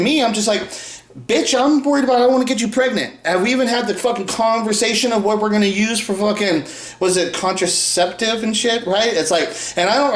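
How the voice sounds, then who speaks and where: A video maker delivers a rambling, profane monologue to camera in an echoey room. He keeps tacking on "right?" and "and shit," laughs frequently, and swings between loud outbursts and low mutters.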